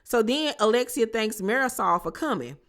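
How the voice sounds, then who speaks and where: A woman's voice: a little high, moderate pace. A woman casually recapping a reality show on her channel, chatty and slangy, acting out what people said. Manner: animated, chatty, slangy, acts out quotes.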